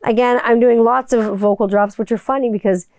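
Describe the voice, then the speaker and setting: Woman podcaster, smooth crisp voice, dry close mic, casual profane rambling. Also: a little high, fairly even intonation, fairly quick, darkish tone, dry recording. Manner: candid and profane, with rambling restarts. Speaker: podcast host. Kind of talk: casual solo podcast monologue. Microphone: studio microphone.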